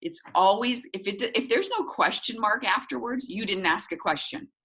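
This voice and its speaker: A middle-aged woman coaching her sales team, animated, acting out little dialogues in different voices. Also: moderate pace. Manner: animated, acts out little dialogues with jumps in pitch.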